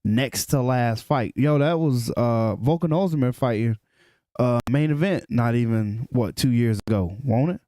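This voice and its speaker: A man's voice: mid-range voice, a little slow, warm tone, no echo, clean studio sound. A man co-hosting a podcast, joking around and stumbling through hard names on purpose. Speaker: podcast co-host. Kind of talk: casual chat.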